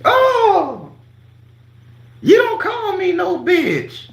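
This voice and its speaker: A man's voice: very high-pitched, huge pitch swings, extremely slow, gravelly, reverberant, pitched above the performer's own voice, heavily acted. A man voicing an offended grown man with a sweet, prim voice.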